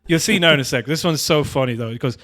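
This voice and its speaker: A man's voice: fairly high pitch, quick pace. Sweary man on a podcast. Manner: animated, sweary, mocking. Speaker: podcast host. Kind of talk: casual podcast chat.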